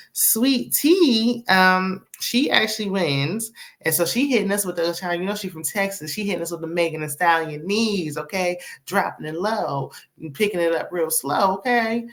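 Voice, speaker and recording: A woman's voice: mid-range voice, a bit bright. A woman recapping a reality show in a casual, sassy way, laughing often and tossing in "okay?" and "honey". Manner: laughs often while talking.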